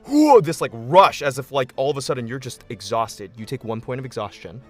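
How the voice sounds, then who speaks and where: A man's voice: medium pitch, fast, faint music behind. A man narrating a tabletop game as game master, descriptive and accommodating, often restarting his sentences.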